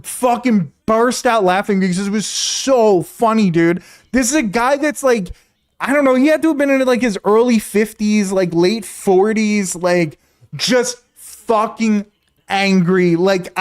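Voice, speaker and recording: A man streaming, telling a story to his chat in a casual, animated, profane way, often repeating himself. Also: sits high, smooth.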